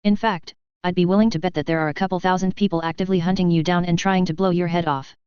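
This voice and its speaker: A woman's voice: on the low side, steady tone, fast, a little mellow, clean tone, dry recording, lo-fi sound, lightly acted. A woman voicing a laid-back, sarcastic male shock trooper with a casual, easygoing manner in a story reading.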